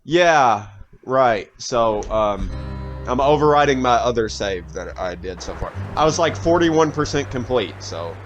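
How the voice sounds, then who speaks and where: Excitable streamer man with lively pitch. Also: a little slow, muffled recording, music in the background. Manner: excitable, swears freely, reacts to the story. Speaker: gaming streamer. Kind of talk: let's play commentary.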